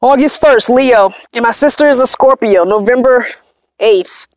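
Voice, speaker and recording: A woman's voice: on the high side, measured pace, no room sound, studio quality. Chatty, emphatic woman livestreaming. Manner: chatty, emphatic, repeats herself. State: tired, yawning. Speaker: vlogger hosting a livestream. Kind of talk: casual livestream chat with viewers.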